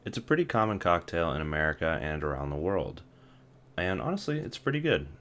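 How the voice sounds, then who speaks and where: A man's voice: deep voice, very animated, brisk, a bit bright. A young man hosting a casual vlog, wry and self-deprecating, often laughing at himself. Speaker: vlogger.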